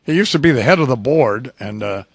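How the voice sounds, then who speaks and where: Sardonic radio host with a lively voice. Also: male voice, medium pitch, fairly quick, gravelly, husky, no room sound, studio quality. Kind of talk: casual talk radio banter.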